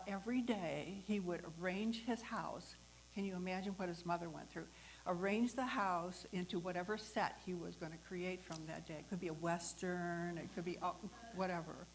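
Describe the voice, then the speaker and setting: A woman hosting a talk, telling a personal story in a lively way, acting out the voices of the people in it and laughing often. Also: lowish voice, slight background noise, rough recording. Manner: animated, acts out the voices in her story. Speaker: host.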